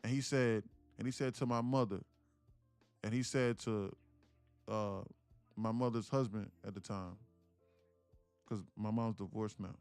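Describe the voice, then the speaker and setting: A man's voice: on the low side, steady tone, unhurried, pauses often, darkish tone, clear, resonant tone, no echo. A man around thirty, live-streaming to viewers, who talks emphatically, repeats "listen, look" and swears casually while telling a heartfelt story. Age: about 30. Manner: emphatic, repetitive, keeps saying "listen, look". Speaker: day trading streamer. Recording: dry close mic with faint music behind.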